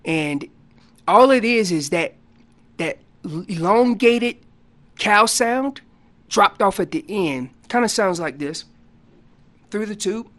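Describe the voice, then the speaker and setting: A man guest on a radio show explaining hunting calls in a casual, animated way, acting out what the animals are saying. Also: high-pitched, slow, pauses often. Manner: loose casual grammar. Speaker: elk calling champion guest. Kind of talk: instructional radio interview.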